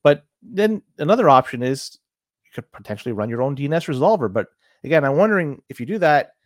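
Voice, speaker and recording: A man co-hosting a podcast, explaining tech security news in a casual, halting way with frequent restarts. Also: on the high side, very animated, no room sound. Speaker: podcast co-host.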